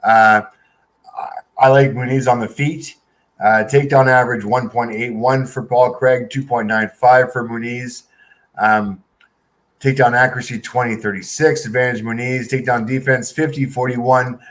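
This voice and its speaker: A man's voice: mid-range voice, fairly even intonation. A man co-hosting a casual show about fight predictions, reading out stats bluntly and cockily. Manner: reads stats off quickly, blunt and cocky. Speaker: co-host picking fights. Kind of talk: casual chat.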